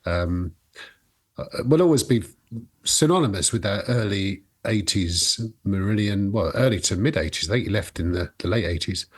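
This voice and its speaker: A man co-hosting a rock music podcast in a casual chat, lively and quick to rise in pitch when asking questions. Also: breathy edge. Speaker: podcast co-host.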